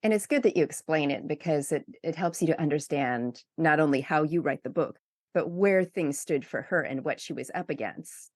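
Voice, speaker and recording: A woman's voice: low-pitched, animated, moderate pace, a little mellow, no echo, studio quality. A woman hosting an interview, conversational and eager, often thinking aloud. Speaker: podcast host. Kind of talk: podcast interview.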